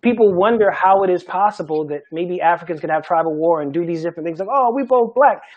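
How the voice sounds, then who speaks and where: A middle-aged man from Charleston, a Gullah language teacher, speaking emphatically in an animated panel talk and laughing often. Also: fairly high pitch, fast talker, dull audio. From Charleston, South Carolina.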